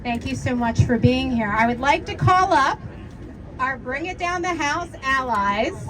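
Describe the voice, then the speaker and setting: A woman's voice: high-pitched, lively intonation, a little slow, rough recording. A woman organizer, upbeat and thankful, introducing speakers at an outdoor union rally into a handheld mic. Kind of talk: rally emcee remarks. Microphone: handheld microphone. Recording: loud crowd and street noise outdoors.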